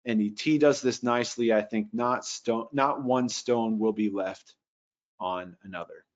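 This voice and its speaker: Man, casual teacher, talks through ideas with restarts, slightly dull lo-fi sound. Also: lowish voice. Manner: thoughtful, restarts often, reads phrases slowly. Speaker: Bible translation teacher. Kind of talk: casual lecture.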